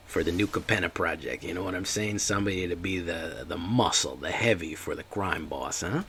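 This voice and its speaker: A man with a deep voice giving casual, joking commentary while streaming a card game. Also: expressive, moderate pace, vocal fry, hardly any pauses, a bit bright, slight background noise. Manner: joking, chatty, talks to chat.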